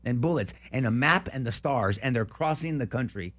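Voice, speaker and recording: A man's voice: mid-range voice, animated, fairly quick, a bit bright, soft background music. A man co-hosting a talk show, giving a fervent, preachy monologue and repeating words as he gets worked up. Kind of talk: passionate opinion monologue.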